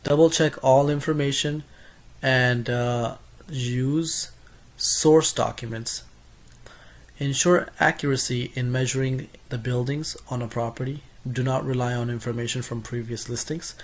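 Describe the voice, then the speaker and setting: A man's voice: mid-range voice, steady tone, a little slow. Man reading study notes aloud. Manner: reads lists steadily, with self-corrections and asides. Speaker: student summarizing course notes.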